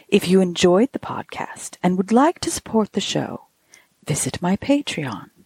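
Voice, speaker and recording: Gravelly-voiced woman reading a ghost story. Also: lowish voice, darkish tone, no room sound. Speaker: podcast host and storyteller.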